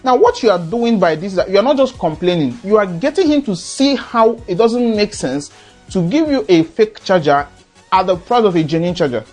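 A man's voice: sits high, animated, normal speed, a little mellow, faint music behind. A man with a Nigerian accent speaking earnestly in an advice monologue, lecturing his listeners. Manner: earnest, lecturing, acts out quoted dialogue. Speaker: motivational speaker.

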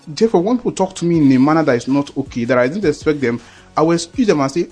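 A man's voice: fairly high pitch, expressive, rapid-fire, a little mellow, husky, faint music behind. A man preaching a sermon in an earnest, repetitive way, often checking that listeners understand.

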